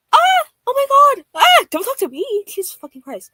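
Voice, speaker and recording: A woman's voice: very high-pitched, big pitch swings, normal speed, hardly any pauses, bright, forceful tone, dry recording. A young woman streaming a game, chatting casually and gushing, with frequent swearing. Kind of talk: casual live-stream chat while reading a game aloud.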